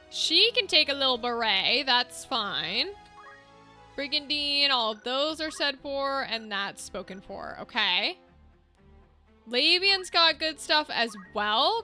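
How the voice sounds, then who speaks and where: A woman's voice: high-pitched, bright, forceful tone. A young woman streaming a video game, chatting casually with viewers and thinking aloud as she sorts gear. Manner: chatty, thinks aloud while managing equipment. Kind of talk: casual gameplay chat with viewers. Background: game music.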